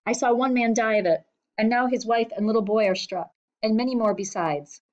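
A woman's voice: fairly high pitch, a little fast, darkish tone, voice pushed up, lightly acted. A woman reading the part of a poor young boy who speaks nervously and politely, often stammering. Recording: slightly dull lo-fi recording.

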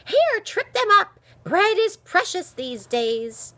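A woman reading aloud, voicing a sharp-tongued, bent little old woman who scolds loudly. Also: extremely high pitch, big pitch swings, slow, pitched above the performer's own voice, heavily acted. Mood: scolding.

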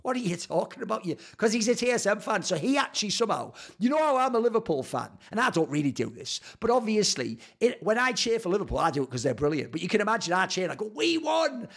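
A man in a sarcastic, profane commentary on old tweets, swinging between loud outbursts and low mutters. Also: very animated, fast, hardly any pauses, slightly rough. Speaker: esports commentator and YouTuber.

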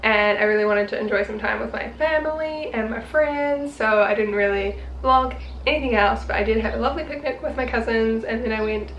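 A woman's voice: fairly high pitch, a little fast, few pauses, a bit bright, muffled recording, slight background noise. A young woman vlogging casually to camera, chatty and bubbly, full of "like" fillers and giggles. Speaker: vlogger launching a business. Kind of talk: casual vlog talk to camera.

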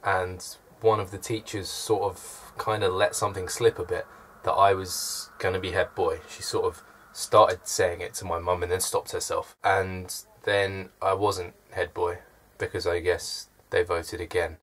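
A man's voice: sits low, level tone, a little slow, a bit bright, slight background noise. A man, chatting to camera from his room with dry, self-deprecating humour. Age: early 20s. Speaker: vlogger. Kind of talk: casual chat to camera.

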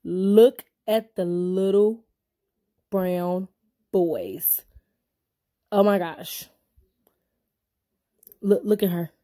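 A woman's voice: lowish voice, drawn-out words, pauses often, warm tone. A young woman vlogging casually, sassy and effusive, calling her viewers y'all and honey. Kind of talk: casual vlog chat.

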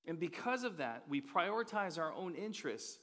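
A man's voice: fairly high pitch, big pitch swings, moderate pace, fairly bright tone. A man preaching a sermon as pastor, casual and joking in a conversational way. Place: church auditorium. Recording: reverberant hall.

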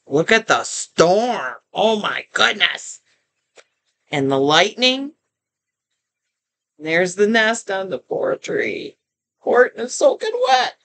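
An older woman reading a rhyming picture book aloud to children, unhurried and deliberate. Her pitch swings up and down with feeling as she reads. She often breaks off to comment and ask the young listener questions. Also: expressive, a bit bright, a little hiss or hum. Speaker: storyteller.

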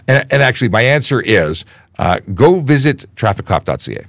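A man who is a police media relations officer, hosting a casual Q&A livestream and answering viewer questions in a conversational, animated way with frequent restarts. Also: medium pitch, moderate pace, creaky, dry recording, studio quality. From Canada.

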